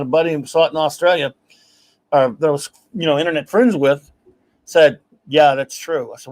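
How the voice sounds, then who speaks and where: A man hosting a casual talk show, telling stories in an animated, ranting way and laughing as he goes. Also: a little high, normal speed. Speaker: podcast host. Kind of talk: casual chat.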